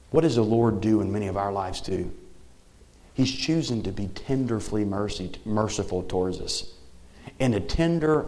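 A man in his thirties preaching a sermon, swinging between loud, emphatic lines and soft, near-whispered ones. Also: on the low side. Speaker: pastor.

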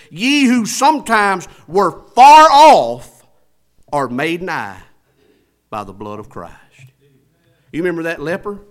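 A man preaching a sermon, swinging from loud, drawn-out declarations to hushed, low tones. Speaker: pastor.

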